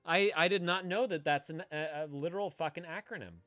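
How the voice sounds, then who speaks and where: A man co-hosting a casual live stream, animated and swearing freely, breaking into loud shouted bits. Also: on the high side, fairly quick, no room sound. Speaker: streamer co-host.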